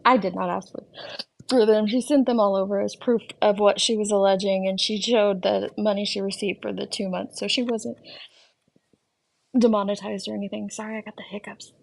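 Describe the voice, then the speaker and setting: A woman's voice: mid-range voice, brisk, creaky. A woman hosting a live-stream discussion, talking in a casual, emphatic way. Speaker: host.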